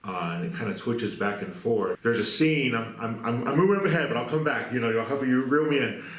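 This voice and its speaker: A man's voice: medium pitch, a little fast, echoey room, low-quality recording. A man co-hosting a podcast, chatting casually about a film, rambling with lots of fillers. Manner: rambling, filler-heavy retelling. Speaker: podcast co-host. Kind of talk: casual film review chat.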